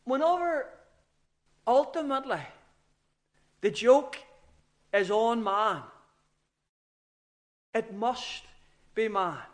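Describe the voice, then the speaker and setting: A man's voice: very high-pitched, lively intonation, very slow, pauses often. A man preaching an earnest, emphatic sermon with rising outbursts.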